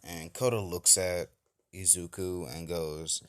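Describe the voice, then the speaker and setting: A man's voice: low-pitched, slow pace. A man casually retelling an improvised fan story, rambling with many fillers and self-corrections.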